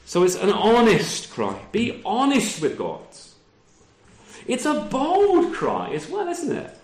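A man's voice: high-pitched, huge pitch swings, slow pace. A man preaching a sermon to his congregation, asking rhetorical tag questions and adding dry self-deprecating humor. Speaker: pastor. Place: church service. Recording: roomy echo.

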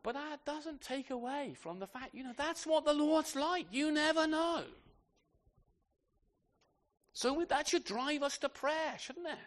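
A man preaching an expository sermon in a church, animated, asking his listeners rhetorical tag questions and restarting phrases as he goes. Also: very high voice. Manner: repeats words as he restarts phrases. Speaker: pastor.

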